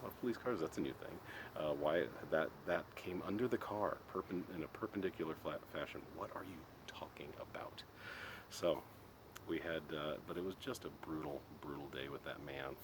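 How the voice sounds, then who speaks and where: A middle-aged man venting in a casual monologue, exasperated and ranting, restarting often. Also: a bass voice. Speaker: podcast host. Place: Colorado. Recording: noisy background.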